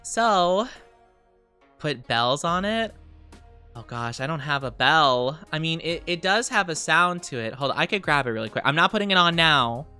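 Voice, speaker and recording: Giggly woman streamer with lively pitch. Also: normal speed, clean tone, faint music behind. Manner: giggly, chatty, reads chat aloud. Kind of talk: casual livestream chat.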